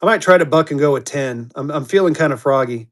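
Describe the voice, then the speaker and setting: A fairly high-voiced man with a drawl calls out lots on a live auction stream. He talks in quick, hyped bursts, repeating his calls and urging bidders on. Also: fairly bright tone.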